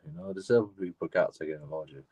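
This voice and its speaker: Guy with a lowish voice, casual profane rant that loops back on itself. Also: rapid-fire, mellow. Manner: profane, repetitive, restarts phrases. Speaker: auditor vlogger. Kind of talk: casual rambling monologue.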